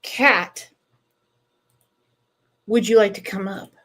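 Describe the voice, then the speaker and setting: A woman's voice: mid-range voice, steady tone, slow pace, a bit bright. A woman hosting a casual livestream, chatting and teasing a caller. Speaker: channel host.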